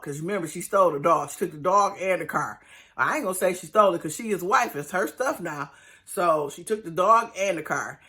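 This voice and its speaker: Woman doing chatty show recaps, emphatic, really animated. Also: fairly low pitch, a little fast. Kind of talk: casual commentary.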